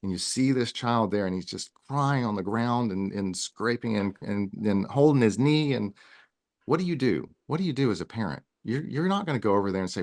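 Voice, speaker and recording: A man's voice: lowish voice, expressive, a little fast, a little mellow. A man speaking as a guest in a casual podcast interview, earnest and rambling, with frequent restarts. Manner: earnest, talks in long runs with many restarts. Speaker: wellness guest.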